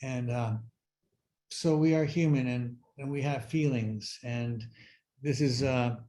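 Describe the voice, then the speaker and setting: Man, middle-aged, recovery share, halting and reflective, lots of fillers. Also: medium pitch, fairly even intonation, mellow. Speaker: workshop speaker sharing recovery story. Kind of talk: personal sharing talk.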